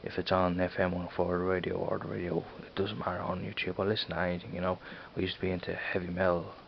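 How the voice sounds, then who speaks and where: A man's voice: low voice, monotone, fast, gravelly, muffled recording, slight background noise. A young man with a Dublin accent chatting casually in a vlog, rambling and repeating himself, often tagging on "you know what I mean". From Ireland. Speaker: vlogger.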